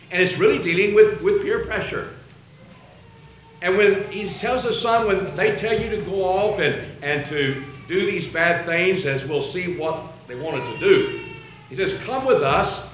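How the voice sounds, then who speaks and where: A man's voice: high voice, lively intonation, measured pace, fairly bright tone, slight background noise. A man preaching a sermon, reading and quoting scripture in an earnest way. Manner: earnest, quotes scripture aloud. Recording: very echoey room.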